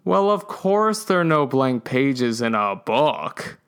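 A man voicing the gloomy male leader of a strange race of dwellers, speaking slowly in a raised voice. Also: very animated, a bit bright, clean tone, exaggerated voice. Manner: slow, high, doom-laden.

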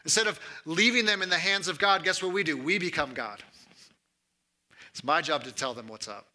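A man, a pastor in his thirties, preaching a sermon in a conversational way, often asking "right?" and dropping to a soft, low voice for emphasis. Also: moderate pace.

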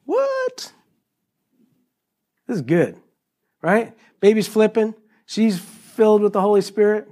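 A middle-aged man preaching a sermon to a congregation, animated and joking, acting out quotes in high voices. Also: normal speed. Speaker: pastor.

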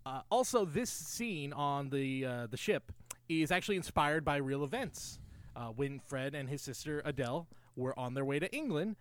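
Lively, animated male podcast co-host. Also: fairly high pitch, normal speed, no echo. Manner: enthusiastic, recaps plot and trivia. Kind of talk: casual film discussion.

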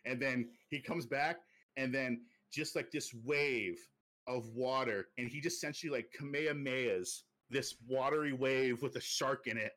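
A young man casually chatting on a podcast, pitching a movie sequel in a rambling way full of fillers. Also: normal speed. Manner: rambling storytelling with many fillers, drops low and quiet for quoted lines. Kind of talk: casual chat.

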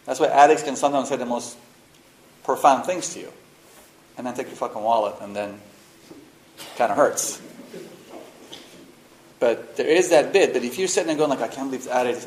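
A man leading a spiritual workshop, talking frankly and casually, with slang and the odd curse word. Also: mid-range voice. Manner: frank, animated, mixes slang and swearing. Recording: roomy echo, faint noise.

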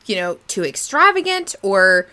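A woman's voice: medium pitch, sing-song, a little slow, sharp tone. A woman co-hosting a podcast, musing thoughtfully in a casual book discussion. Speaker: podcast co-host.

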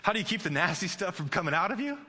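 High-pitched and rapid-fire, this pastor's bright, pushed voice swings widely in pitch. His sermon is chatty and full of jokes, with sentences frequently restarted and many uses of "like," echoing in a long hall reverb.

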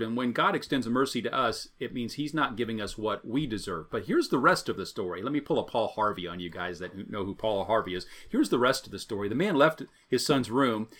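A man's voice: mid-range voice, a bit bright. A man, a pastor, preaching an evening sermon in a conversational, storytelling way, repeating his key phrases.

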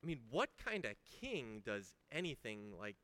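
A man's voice: medium pitch, very animated, measured pace, sharp tone. A man giving a sermon as a pastor, talking conversationally with emphasis and rhetorical questions.

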